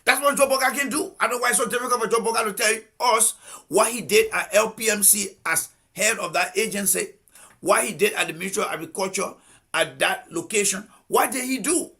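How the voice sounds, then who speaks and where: A man's voice: sits high, fairly quick, vocal fry, pushed and bright, slightly rough. A Liberian man hosting a live political commentary stream, combative and repeating pointed rhetorical questions. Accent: Liberian English.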